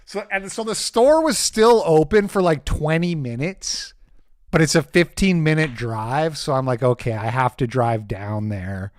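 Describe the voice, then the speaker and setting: A man hosting a stream, telling a rambling story in a casual, animated way, swearing freely and poking fun at himself. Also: on the high side, unhurried. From Canada. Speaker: streamer host.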